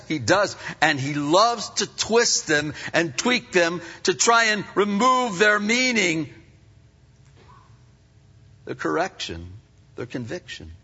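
A preacher man with a high, bright voice who drives his sermon with questions he answers himself and words he repeats for weight. The recording sounds dull and carries long reverb from a big hall. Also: breathy edge. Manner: punchy, rhetorical questions, emphatic repetition. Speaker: pastor.

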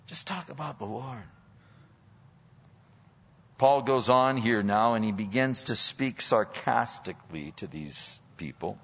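Man preaching, pastor, emphatic sermon, gravelly voice, long hall echo. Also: mid-range voice, a bit bright. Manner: emphatic preaching with rising sarcastic outbursts. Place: church sanctuary. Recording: dull audio with long hall reverb.

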